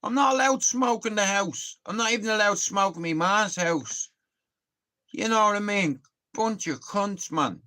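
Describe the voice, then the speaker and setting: A man's voice: sits high, animated, normal speed, bright, forceful tone. A young Irish man chatting live on stream, telling rambling sweary stories and laughing at them. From Ireland. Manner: sweary, rambling storytelling, laughs at own tales. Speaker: livestreamer. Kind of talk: casual live-stream chat.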